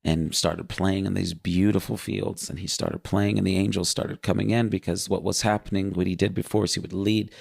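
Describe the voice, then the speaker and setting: Earnest guy telling his vision story, lowish raspy voice, no room sound. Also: steady tone, fairly quick, hardly any pauses, a little mellow, no echo, clean studio sound. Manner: earnest, vivid storytelling with fillers. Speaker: guest recounting a vision. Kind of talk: casual spoken testimony.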